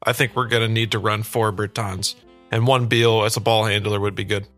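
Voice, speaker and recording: A young man co-hosting a casual sports podcast, making wry, deadpan jokes. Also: fairly low pitch, fairly quick, faint music behind. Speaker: podcast co-host.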